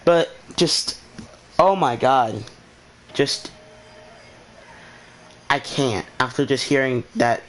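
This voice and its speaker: Young male host, rambling and exasperated, mid-pitched, keeps asking why, casual storytelling. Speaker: channel host.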